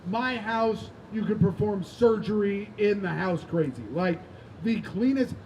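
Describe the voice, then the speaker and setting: High-voiced young man doing stand-up. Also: unhurried, a little mellow, a little hiss or hum, low-quality recording. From United States. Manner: conversational, full of "like" and "right?". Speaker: stand-up comedian. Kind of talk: stand-up comedy set. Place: outdoor rooftop.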